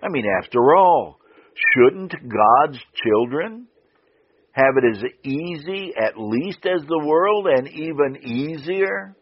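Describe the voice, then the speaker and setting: A man preaching a sermon on the radio, slow and deliberate, repeating key phrases for emphasis. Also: fairly high pitch, animated, slightly rough. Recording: dull lo-fi radio broadcast.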